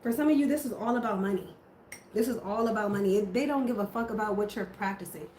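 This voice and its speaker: A woman's voice: medium pitch, fast, darkish tone, reverberant, slight background noise, poor audio. A woman giving a casual tarot reading to camera, swearing freely and correcting herself as she goes. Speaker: tarot reader.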